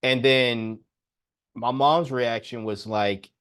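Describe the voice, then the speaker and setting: An animated young man hosts his own podcast, recounting a personal story in a relaxed, chatty way. His voice sits at a middle pitch, and he laughs often as he talks. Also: slow pace, smooth. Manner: animated, jumps into higher voice when quoting himself. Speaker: podcast host. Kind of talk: casual storytelling monologue.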